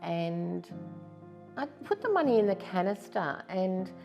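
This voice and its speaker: A woman's voice: medium pitch, big pitch swings, measured pace, creaky, highs cut off, soft background music. A woman in her fifties with an Australian accent, candidly and earnestly telling her own story as a stroke survivor in a testimonial interview. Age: 50s.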